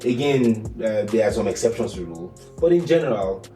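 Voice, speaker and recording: A man with a Nigerian accent, co-hosting a casual podcast chat in a relaxed, musing way. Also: fairly low pitch, reverberant, recorded from a distance, faint music behind. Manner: relaxed, musing, quick filler agreements. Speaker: podcast co-host.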